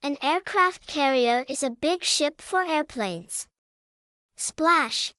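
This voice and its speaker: A woman narrating a scripted vocabulary lesson for young children, spelling words out slowly and adding playful sound words. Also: sits high, dry recording, studio quality. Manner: slow, even spelling-out with cheerful sound words. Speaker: vocabulary teacher.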